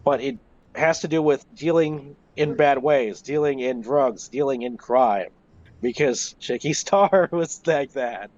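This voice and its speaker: A man, a wrestling historian, tells stories in a casual, animated way, with plenty of swearing. His voice sits at a middle pitch for a man. It is heard through slightly muffled, lo-fi voice chat audio. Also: unhurried. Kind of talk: casual interview storytelling.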